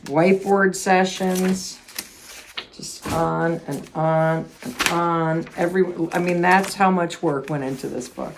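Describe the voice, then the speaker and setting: Woman, casual vlog, chatty, thinking aloud, gravelly voice, noisy recording. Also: fairly low pitch, steady tone, slow. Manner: chatty, thinking aloud as she leafs through pages. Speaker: author and host. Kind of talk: casual vlog while sorting papers.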